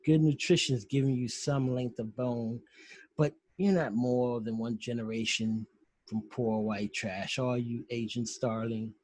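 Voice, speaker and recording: A man reading the lines of a cultured, menacing male psychiatrist killer in a slow, taunting way over a video call. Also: medium pitch, steady tone, darkish tone, breathy edge, no echo, poor audio.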